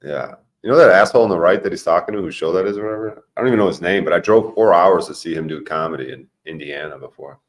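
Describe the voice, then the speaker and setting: Deep-voiced man, casual co-host, loose and profane, rambles. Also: fast talker, few pauses. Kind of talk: casual chat.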